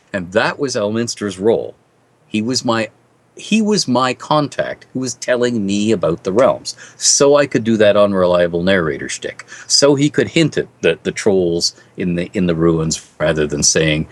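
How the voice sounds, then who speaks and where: A middle-aged man with a low voice that swings widely in pitch, telling stories animatedly as an interview guest. He explains at length and chuckles along. The delivery is casual and expressive. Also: normal speed. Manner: animated storyteller, lively and chuckling. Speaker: fantasy author interviewed as guest.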